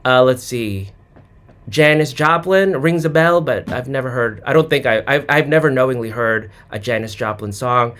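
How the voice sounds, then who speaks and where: A man in a casual comedic monologue, reading off names with deadpan, mock-clueless sarcastic asides and humming snatches of songs. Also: mid-range voice, normal speed. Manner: hums and sings snatches of songs. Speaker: sports commentary vlogger.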